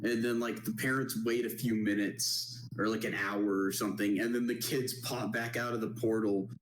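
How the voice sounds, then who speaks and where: A young man co-hosting a casual podcast, relaxed and laughing, often restarting his sentences. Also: on the low side, moderate pace. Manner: relaxed, laughs, short agreeing replies, restarts. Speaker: podcast co-host. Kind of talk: casual chat. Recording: echoey room.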